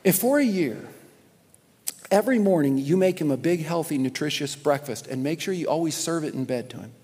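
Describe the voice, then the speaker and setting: A man voicing a grave male doctor who speaks slowly and quietly, inside a sermon's story. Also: a little high, animated, breathy edge, voice pushed down. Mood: advising. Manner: slow, solemn and quiet. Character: grave, hushed male doctor giving bad news. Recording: long hall reverb.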